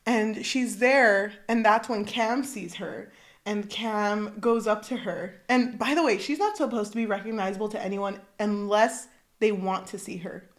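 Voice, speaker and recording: A woman's voice: medium pitch, a little slow. A woman co-hosting a casual book podcast, chatting animatedly and acting out characters' lines. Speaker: podcast co-host.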